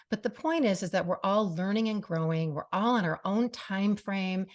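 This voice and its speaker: A middle-aged woman hosting a radio show and podcast, speaking earnestly and from the heart to her listeners, often saying "you know". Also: fairly low pitch. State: briefly tearful. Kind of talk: personal monologue to listeners.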